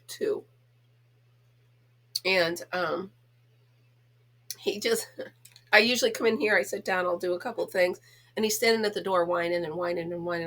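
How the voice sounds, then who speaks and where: A woman's voice: medium pitch, a bit bright. A middle-aged woman from the United States hosting a casual home chat vlog, talking in a chatty, giggly, self-teasing way. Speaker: host.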